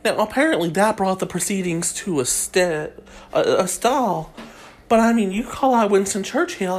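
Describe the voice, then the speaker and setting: A woman from Kentucky with a Kentucky Southern accent, hosting a crude, sassy comedic gossip monologue with drawn-out emphasis. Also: mid-range voice. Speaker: celebrity gossip host.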